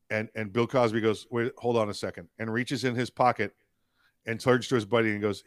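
A man co-hosting a casual political podcast. He tells stories with a chuckle and keeps backing his partner with a steady "yeah". The sound is dry and close, with no room around it. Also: lowish voice, quick pace, no room sound. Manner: storytelling, chuckling, repeats "yeah". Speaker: podcast co-host.

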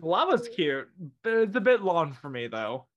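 A man's voice: a little high, big pitch swings, measured pace, a bit bright, dull audio. A man co-hosting a casual podcast, teasing the others and laughing often. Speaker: podcast co-host. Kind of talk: casual group chat.

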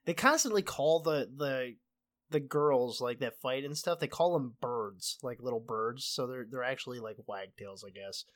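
A man's voice: medium pitch, moderate pace, a bit bright. A man co-hosting a podcast in casual chat, rambling with many fillers. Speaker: podcast co-host.

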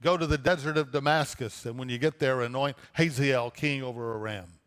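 A man's voice: mid-range voice, a little fast, fairly bright tone, big-room sound. A man preaching a sermon, reading a scripture passage aloud and then explaining it with rhetorical questions. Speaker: pastor.

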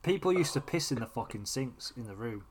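A man's voice: medium pitch, lively intonation, brisk, a little hiss or hum. Casting: man, blunt crude storyteller on a casual podcast. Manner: blunt, heavy swearing, storytelling. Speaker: podcast co-host.

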